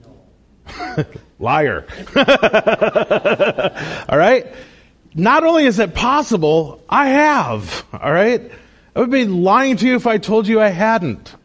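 A man's voice: high-pitched, big pitch swings, a little slow, fairly bright tone. A man delivering a sermon as a pastor in a church, earnest and emphatic, with asides and bits of self-deprecating humor.

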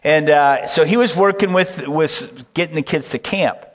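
A man's voice: on the high side, moderate pace. A middle-aged man, a pastor and camp director, tells stories in a folksy sermon and often checks in with the listeners by asking "okay?". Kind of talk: storytelling sermon. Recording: long hall reverb.

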